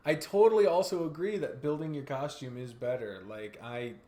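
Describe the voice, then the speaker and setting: A young man co-hosts a podcast in a mellow, fairly high voice at normal speed. The talk is casual chat, full of joking around and free swearing.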